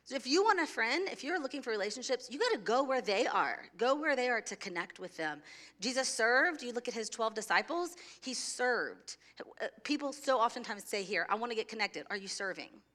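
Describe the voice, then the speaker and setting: A woman's voice: a little high, lively intonation, brisk, a bit bright. A woman pastor preaching a sermon to a church congregation in a conversational way. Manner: conversational, laughs easily, sings a children's song. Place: church sanctuary.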